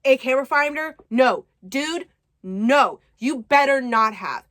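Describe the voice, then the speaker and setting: A woman's voice: a little high, animated, moderate pace, a bit bright. A woman voicing a snarky, fiery young woman. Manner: sarcastic, swearing, exasperated. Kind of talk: book summary with acted quotes.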